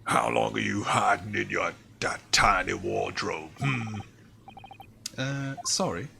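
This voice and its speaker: Guy putting on a gruff cop voice, stern and accusing, loud and bright, low and slow. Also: slight background noise, full character voice. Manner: gruff, accusing, heavy broken English. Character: gruff male Russian ship police officer, stern. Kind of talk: reading game dialogue aloud in a voice.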